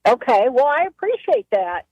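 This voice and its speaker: A woman calling into a radio show, chatting politely and warmly over the phone. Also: fairly high pitch, very animated, normal speed, no room sound. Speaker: caller. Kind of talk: phone-in chat. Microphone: telephone. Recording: dull phone-line sound.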